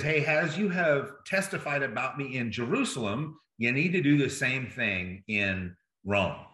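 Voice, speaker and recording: A male pastor preaching a sermon in a bright, forceful voice, talking conversationally and checking in with his listeners as he goes. He is recorded in an echoey room. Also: mid-range voice. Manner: conversational, checks in with "right?" and "okay?".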